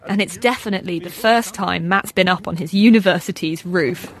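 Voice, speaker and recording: A woman's voice: on the low side, a little fast. A female presenter narrating a documentary and interviewing guests, curious and lightly humorous. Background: music.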